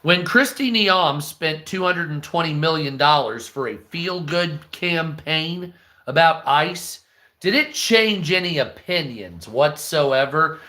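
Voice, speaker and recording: A man's voice: on the high side, animated, slow pace, bright, forceful tone. A man from the United States giving heated, profane, rambling commentary on a live news stream.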